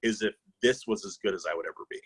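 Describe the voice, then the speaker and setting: A man with a fairly low voice talks through his answers in a relaxed interview. He is reflective and anecdotal, circling back with "you know" and "right?" as he restarts his sentences. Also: fast, breathy edge, low-quality recording. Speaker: author being interviewed.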